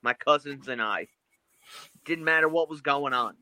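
A man's voice: fairly high pitch, normal speed, bright, forceful tone, no room sound. A man in a casual podcast chat, reminiscing with enthusiasm. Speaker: podcast co-host or guest.

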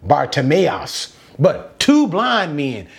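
A man delivers an impassioned sermon in a somewhat high voice. He speaks slowly and drags out key words. His pitch rises and falls widely as he repeats phrases for emphasis. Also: wildly swooping pitch, creaky. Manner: impassioned preaching with repetitions and drawn-out emphasis. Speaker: preacher.

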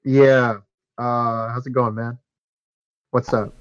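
A man's voice: mid-range voice, level tone, slow, dull audio. A man playing a tabletop game, loose and joking. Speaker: player. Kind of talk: casual tabletop play.

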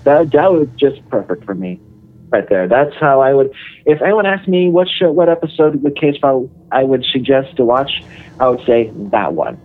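A man's voice: medium pitch, very animated, moderate pace. A man calling in to a podcast, stumbling and repeating words as he speaks. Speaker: caller. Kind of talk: casual call-in chat. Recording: tinny phone line.

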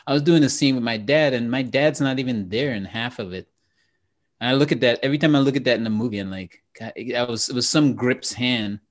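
A man's voice: mid-range voice, a little fast. A man from Trinidad, a comedian and actor, telling stories in casual chat and laughing often. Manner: animated storyteller, laughs often.

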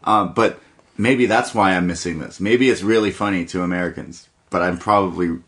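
Laid-back young man, low voice. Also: normal speed. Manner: laughs often, animated retelling. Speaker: podcast co-host. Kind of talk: casual wrestling review chat.

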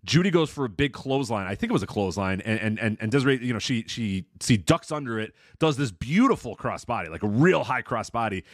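A man co-hosting a casual podcast, talking with lots of laughter and animated retelling. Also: medium pitch, fast talker, few pauses, dry recording, clean studio sound. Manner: animated, laughs a lot, does mocking voices in quotes. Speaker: podcast co-host.

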